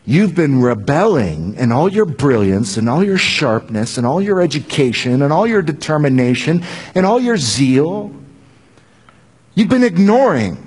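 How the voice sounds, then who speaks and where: A man voicing a calm, firm divine male speaker, speaking slowly, low and earnestly. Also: slightly rough, full character voice.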